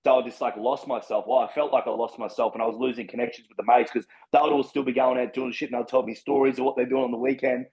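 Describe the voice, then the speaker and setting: A man's voice: medium pitch, level tone, quick pace, hardly any pauses, darkish tone, low-quality recording. Australian man, frank and rambling. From Brisbane, Australia. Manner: rambling, frank and heavily profane. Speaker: podcast guest. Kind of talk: candid personal storytelling.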